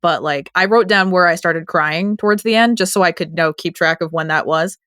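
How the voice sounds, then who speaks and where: A woman's voice: lowish voice, fairly quick, fairly bright tone, no echo, clean studio sound. A woman in her late twenties co-hosting a TV recap podcast in casual chat, chatty and emotional, laughing often. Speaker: podcast co-host.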